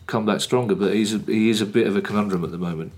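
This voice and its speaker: Low-voiced man in football podcast chat. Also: steady tone, rapid-fire, darkish tone. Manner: opinionated, teasing, with frequent restarts. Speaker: podcast co-host.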